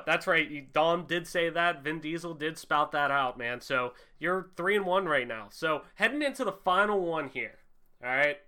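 A man's voice: a little high, bright, forceful tone. A young man hosting a casual gaming podcast, talking loosely and animatedly, swearing freely with lots of fillers. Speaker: podcast host.

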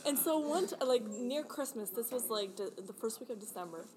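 A woman's voice: fairly high pitch, expressive, a little fast, heavy background noise. A woman in her late twenties, a podcast guest, telling a candid personal story in an emotional, rambling way with frequent laughter. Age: 20s.

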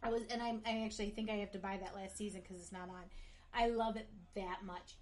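A middle-aged woman co-hosting a casual podcast. She trades quick, teasing banter and laughs easily, speaking in a voice of middling pitch. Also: steady tone, darkish tone. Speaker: podcast co-host. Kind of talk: casual chat.

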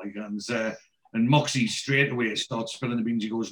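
A man's voice: mid-range voice, brisk, a bit bright. A man in casual chat, rambling through a TV episode and quoting the characters in his own voice.

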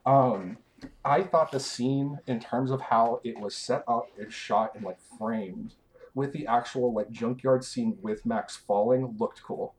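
Man, young adult, podcast co-host, medium pitch, relaxed hedging casual talk. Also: unhurried, slight background noise. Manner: laid-back, hedging, laughs often. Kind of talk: casual chat.

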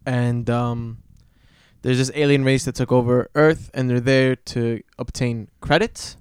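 A young man hosting a casual podcast, talking in a low-energy, laid-back way with lots of swearing. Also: fairly even intonation, a little slow, clear, resonant tone, no echo, studio quality. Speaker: podcast host. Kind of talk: casual chat.

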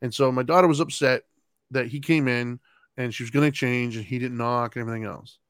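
Middle-aged male co-host, chatty and animated, acts out quotes, dry recording. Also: medium pitch, a little fast, smooth, dry recording. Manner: animated, laughs while telling, acts out his kids' lines. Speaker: podcast co-host. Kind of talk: casual storytelling chat.

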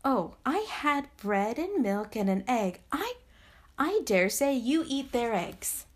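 A woman's voice: fairly high pitch, sing-song, slow, full character voice. A woman voicing a curious little girl princess in a storybook reading, asking eager, wondering questions.

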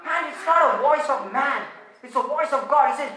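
Emphatic woman preaching in an echoey hall. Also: high-pitched. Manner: emphatic, repeats phrases, drawn-out shouted quotations. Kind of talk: sermon.

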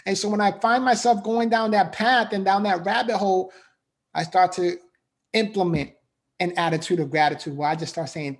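A man's voice: sits high, fairly even intonation, a little fast. Earnest man giving a motivational talk. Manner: earnest, repetitive, emphatic, frequent "right?". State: emotional. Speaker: motivational speaker. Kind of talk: faith-based motivational talk.

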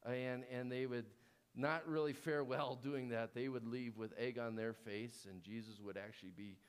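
A male pastor giving a sermon in a conversational style, with fillers and restarts, dropping low and quiet to stress key words. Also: fairly even intonation, moderate pace, clean tone.

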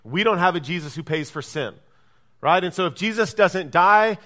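A man's voice: high voice, animated, normal speed, fairly bright tone. A male pastor preaching a sermon, who keeps checking in with listeners by asking "right?" and acts out the quoted speech in his story. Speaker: lead pastor.

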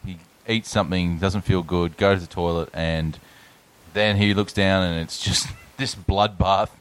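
A man's voice: sits low, steady tone, a little slow, fairly bright tone, smooth. A man recapping a film in casual chat, hesitating and laughing as he tells it. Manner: laughs through his storytelling, hesitant. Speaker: podcast co-host.

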